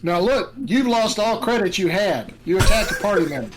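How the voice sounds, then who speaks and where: A man's voice: sits high, animated, brisk, background noise. Bantering man at a tabletop game. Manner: playful, bantering. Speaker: player.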